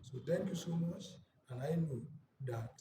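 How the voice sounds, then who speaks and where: Male English tutor, fairly high voice, quizzes the class aloud; off-mic in an echoey room over heavy noise. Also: animated, normal speed. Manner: asks rhetorical questions and answers them himself; repeats key terms for emphasis. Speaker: English teacher. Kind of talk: exam-prep lesson to camera. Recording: roomy, distant mic, loud background noise.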